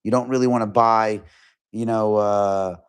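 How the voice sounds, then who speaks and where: A man's voice: lowish voice, steady tone, smooth. Guy hosting a trading livestream, chatty, lots of um and you know, restarts his sentences. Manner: fast, conversational, lots of fillers and restarts. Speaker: stock market livestream host. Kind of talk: casual trading livestream commentary.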